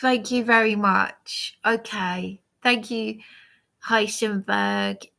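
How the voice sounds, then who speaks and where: A tired woman rambles through a casual livestream chat, stopping and restarting her sentences. She talks slowly, and her voice has a gravelly, creaky edge. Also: medium pitch, steady tone, bright, forceful tone. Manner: rambling, hesitant, many restarts.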